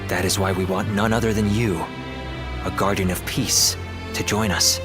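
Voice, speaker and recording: A man's voice: deep voice, steady tone, moderate pace, close to an everyday voice. An actor playing a courteous, persuasive male court strategist in a game, speaking formally and politely. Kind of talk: game voice acting. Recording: game audio with loud music.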